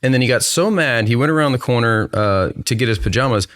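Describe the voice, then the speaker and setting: A man's voice: mid-range voice, lively intonation, fast talker, fairly bright tone. A man hosting a podcast, telling a story about his son in a casual chat, acting out the quotes and laughing easily. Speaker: podcast host.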